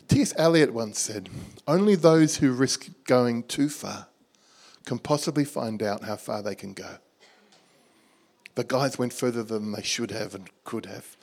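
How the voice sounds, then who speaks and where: A middle-aged Australian man preaching, telling a lively story and acting out the dialogue with a laugh in his voice. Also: mid-range voice. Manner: animated storyteller, acts out dialogue, laughs at himself. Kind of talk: storytelling sermon.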